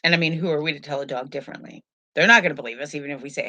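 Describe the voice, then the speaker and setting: A woman's voice: low-pitched, very fast, sharp tone, no echo. A woman hosting a live tarot stream at home, chatting in a rambling, easygoing way into a webcam. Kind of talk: casual live stream chat.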